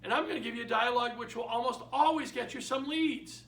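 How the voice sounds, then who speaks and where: An older man leads a real estate training session in an unusually high, bright voice. He is animated and acts out the phone calls he describes. He sounds set back from the mic in a roomy, echoing space. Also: quick pace. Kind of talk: training talk. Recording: echoey room, mic at a distance.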